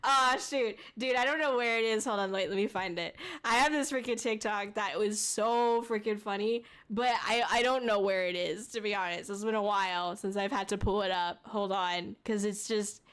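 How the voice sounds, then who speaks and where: A young woman streamer chatting casually with her viewers, excitable and laughing often. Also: mid-range voice, moderate pace, smooth. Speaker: VTuber streamer. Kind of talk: casual livestream chat.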